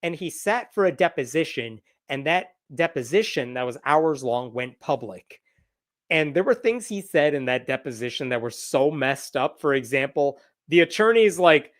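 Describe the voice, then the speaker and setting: A man's voice: on the high side, expressive, moderate pace. A man hosting a live news roundup stream, talking with a sarcastic, incredulous manner. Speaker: host.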